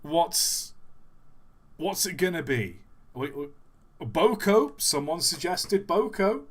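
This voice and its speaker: A man's voice: on the high side, animated, slow. A young man hosting a live stream, chatting in a rambling, self-deprecating and joking way. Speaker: livestream host. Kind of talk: casual live stream chat.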